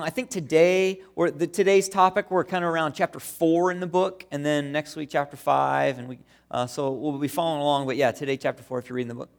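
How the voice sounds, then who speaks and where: A man preaching a sermon as pastor, conversational and telling stories. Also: a little high. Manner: conversational, storytelling with acted-out quotes.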